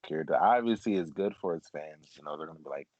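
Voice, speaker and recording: A man's voice: a bass voice, animated, quick pace, dry recording, highs cut off. A man co-hosting a casual fan podcast, talking in a laid-back, rambling way full of "like"s. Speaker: podcast co-host. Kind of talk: casual chat.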